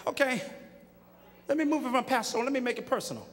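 A man preaching a sermon in a church, shouting emphatically and joking in plain colloquial speech. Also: very high voice, fast. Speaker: pastor. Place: large church sanctuary with a congregation. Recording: live church sermon with long hall reverb.

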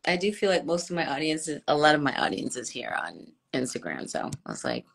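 A woman chatting casually on a live stream, answering viewers and mixing in halting French and Spanish. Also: sits low, wildly swooping pitch, creaky, husky. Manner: chatty, switches between English, French and Spanish.

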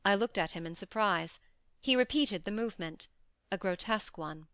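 A woman narrating a classic short story as an audiobook, in measured, steady storytelling. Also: medium pitch, clean tone, no echo. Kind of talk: scripted narration.

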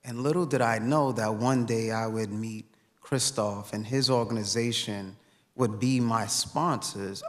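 A man from Brooklyn giving an earnest personal tribute speech, telling his story with some repetition. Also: medium pitch. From Brooklyn, New York. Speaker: speaker at a memorial event. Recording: long hall reverb.

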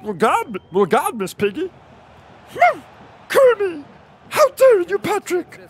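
A squeaky, goofy cartoon puppet voice, put on by a man for laughs. It sits extremely high and bounces around a lot. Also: huge pitch swings, slow, a little hiss or hum, full character voice. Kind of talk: comedic impression on a stream.

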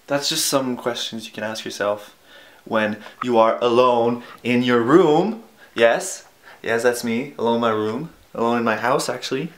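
A man's voice: medium pitch, unhurried. Rambling young man in an echoey room. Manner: rambling, self-deprecating, trails off with fillers. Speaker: vlogger. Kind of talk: casual rambling vlog. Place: alone in his room at home.

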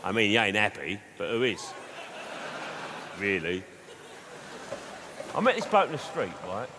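A male comedian does live stand-up on a theatre stage, spinning conversational, meandering anecdotes in a lowish, very animated voice at a slightly slow pace. Crowd noise comes through, and the hall is reverberant and noisy.

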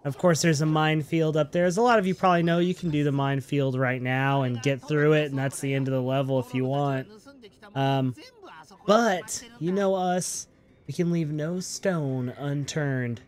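A man's voice: a little high, moderate pace. A man hosting a gaming channel, giving upbeat, chatty let's-play commentary and talking playfully to his viewers.

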